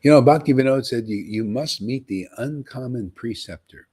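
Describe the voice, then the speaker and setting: A man preaching on a livestream in an emphatic, animated way, often tossing in "man.". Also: mid-range voice, normal speed, breathy edge. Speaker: spiritual teacher.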